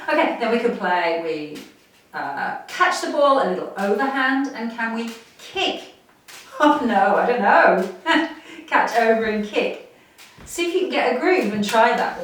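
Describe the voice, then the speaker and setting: A woman leading a gentle seated movement class, chatting encouragingly and laughing often as she plays. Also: fairly high pitch. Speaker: movement instructor. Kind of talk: playful guided exercise class. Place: home room, seated on a chair. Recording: echoey room, mic at a distance.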